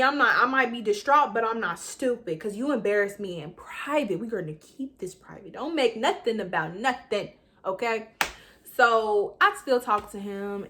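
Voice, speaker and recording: A young woman telling a storytime vlog to her viewers in casual, slangy talk, animated and dramatic, jumping between loud outbursts and low asides. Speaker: vlogger.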